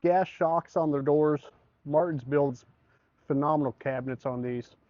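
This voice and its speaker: Unhurried and mellow, with a fairly high pitch, this truck bed salesman chats his way through a product walkthrough, explaining specifications plainly. There's no echo, and the recording sounds dry and a bit dull.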